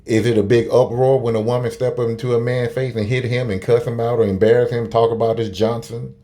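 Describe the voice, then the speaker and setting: A video commentator gives blunt, opinionated takes over a phone, rambling with lots of fillers, restarts, and profanity. His medium-pitched voice is mellow and fairly quick, with a flat delivery.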